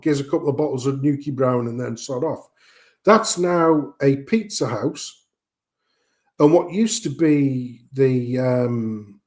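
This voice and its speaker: Middle-aged bloke rambling thru family stories, jokey, swears a bit, mid-pitched voice. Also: male voice, darkish tone. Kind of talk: casual chat.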